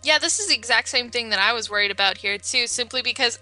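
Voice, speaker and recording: A woman with a very bright, sharp voice breaks down a live esports match with confident, quick analysis. Faint music plays under her commentary. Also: fairly high pitch. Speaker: esports caster.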